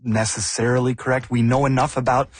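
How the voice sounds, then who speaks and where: Husky male host explaining to viewers. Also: medium pitch, flat delivery, a little fast, no room sound. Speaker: news host. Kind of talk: broadcast interview and explanation.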